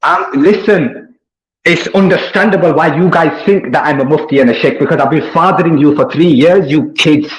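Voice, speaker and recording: A man in his twenties speaking in a fairly high voice, combative and taunting as he repeats his points. The sound carries a roomy echo around him. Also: normal speed. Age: 20s. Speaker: online commentator. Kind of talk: heated monologue to an online rival.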